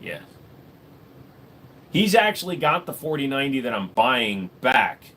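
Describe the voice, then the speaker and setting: A man's voice: medium pitch, very animated, normal speed, pushed and bright. A man casually chatting with his stream viewers, crude and rambling, cracking jokes. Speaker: streamer answering chat. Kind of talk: casual live stream chat. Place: home room with gun wall.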